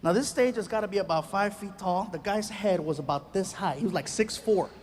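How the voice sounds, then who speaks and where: A male stand-up comedian telling an animated story on a live stage, slipping into put-on voices. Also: high-pitched, a little fast, slight background noise. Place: live stage before a large laughing crowd.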